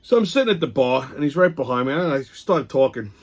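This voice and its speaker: A man's voice: medium pitch, expressive, fast. A man hosting a show in a casual, rambling monologue, with blunt and profane storytelling. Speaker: host.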